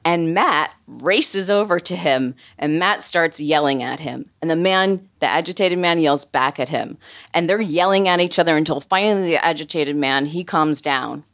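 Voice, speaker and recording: A woman's voice: low voice, normal speed, fairly bright tone. A woman telling a funny personal story in a chatty way, full of "like" fillers. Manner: chatty, comic, many "like" fillers.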